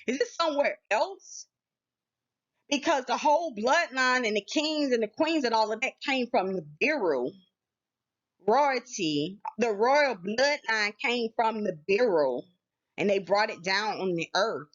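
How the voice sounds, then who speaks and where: Excited woman host, casual chatty delivery, fairly high voice, dull lo-fi audio. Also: measured pace. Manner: animated, addresses viewers as y'all. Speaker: channel host. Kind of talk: casual spiritual vlog talk. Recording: dull lo-fi sound.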